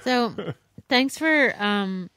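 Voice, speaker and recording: A woman's voice: a little high, lively intonation, drawn-out words, sharp tone, clean tone, no echo. A woman co-hosting a podcast, chatting in an easygoing way and laughing often. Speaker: podcast co-host. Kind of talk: casual chat.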